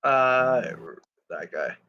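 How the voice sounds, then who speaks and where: A man's voice: medium pitch, animated, very slow, a little hiss or hum. A man playing a tabletop game, thinking aloud hesitantly as he plans his moves. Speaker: player. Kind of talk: casual tabletop play. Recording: dull lo-fi mic.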